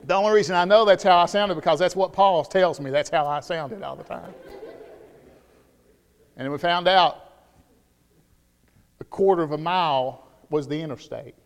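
A man's voice: a little high, moderate pace, pauses often. Southern preacher man in a reverberant hall. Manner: swings from loud shouted preaching to quiet storytelling. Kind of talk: sermon. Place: church sanctuary. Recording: long reverb of a church hall.

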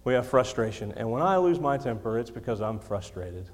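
The preacher here is very animated, speaking a little fast in a medium-pitched voice. Emphatic and self-deprecating, he repeats key lines to his congregation through a handheld or stand microphone, with long hall reverb filling the church sanctuary.

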